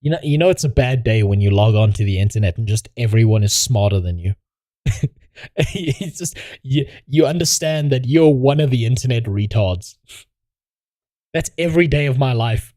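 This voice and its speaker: A foul-mouthed male streamer riffs on the videos he's watching, cursing freely and joking at his own expense. His voice is mid-pitched and sits in a dry, close-sounding space. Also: lively intonation, moderate pace, mellow, dry recording. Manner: crude, heavy swearing, self-mocking. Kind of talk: casual stream commentary.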